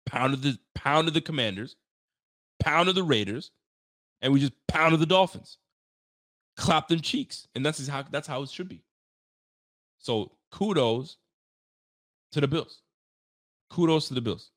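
A man's voice: on the high side, animated, a little slow, pauses often, fairly bright tone, no room sound, clean studio sound. A man from Canada who grew up speaking French and Creole, hosting a post-game show in a hyped, joking, trash-talking way. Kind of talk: casual sports talk stream.

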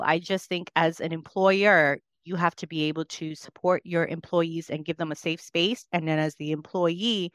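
Earnest, lower-voiced mom on a podcast. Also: female voice, fairly bright tone, dry recording, clean studio sound. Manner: earnest, emotional storytelling. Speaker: podcast guest. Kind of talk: podcast conversation.

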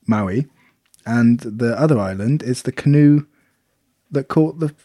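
A man's voice: mid-range voice, unhurried, dark tone, dry recording, clean studio sound. A British man co-hosting a casual podcast chat, explaining things in a rambling way with lots of fillers. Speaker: podcast co-host.

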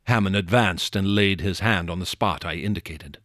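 A man narrating a classic horror tale in a measured, dramatic way, dropping low and slowing down for suspense. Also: a bit bright, no echo, studio quality. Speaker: audiobook narrator. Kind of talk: dramatic horror story reading.

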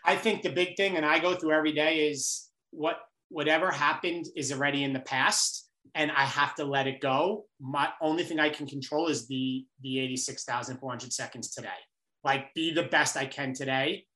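Guest author with a New York accent, bright and emphatic, in a roomy echo. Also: male voice, fairly high pitch, moderate pace. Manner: energetic, preachy, emphatic. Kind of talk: motivational interview talk.

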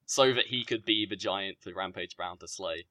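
A man's voice: low-pitched, normal speed, sharp tone. A man with a Southern US accent co-hosting a casual show, giving opinionated reviews and laughing often. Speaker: podcast co-host. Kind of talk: casual wrestling review chat.

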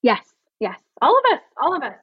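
A woman's voice: high-pitched, huge pitch swings, fairly quick, no room sound, muffled recording. A woman speaking as a podcast guest about her advocacy, earnest and emotional, talking in long runs with many restarts. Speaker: podcast guest, plus-size pregnancy advocate. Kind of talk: conversational interview.

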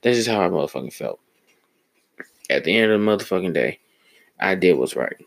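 Deep gravelly young man ranting. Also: animated, fairly quick, no room sound. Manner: blunt, profane, heated storytelling. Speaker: podcast host. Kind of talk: casual solo podcast storytelling.

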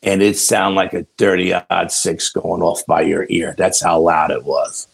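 A man with a gravelly voice, telling a long story as a guest in a casual interview, often adding "you know". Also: low-pitched, flat delivery, measured pace. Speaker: guest investigator.

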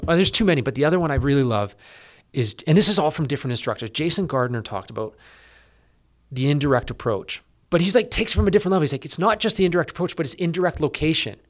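A middle-aged man from Canada, a police officer guest, talking in a casual interview with lots of fillers and restarts. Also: medium pitch. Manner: energetic, quick, with many fillers and restarts.

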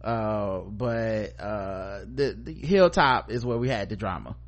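A man hosting a podcast, recapping a TV episode in a casual, joking, animated way. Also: lowish voice, takes it slowly. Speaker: podcast host.

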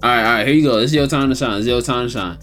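A man co-hosting a podcast, chatting casually in slang with teasing, animated interjections. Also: medium pitch, racing, soft background music. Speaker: podcast co-host. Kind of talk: casual chat.

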